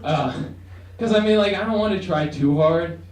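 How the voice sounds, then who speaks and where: A man's voice: high-pitched, moderate pace, darkish tone. A young man doing a stand-up set, rambling and hesitant, acting out voices. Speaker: stand-up comedian. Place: student comedy room with audience. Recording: echoey room, far from mic, faint noise.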